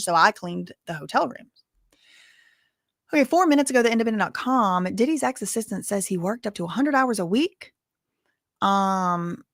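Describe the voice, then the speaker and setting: A woman's voice: mid-range voice, a bit bright, dry recording, clean studio sound. A woman hosting a live news commentary stream, reading updates and adding casual, rambling asides.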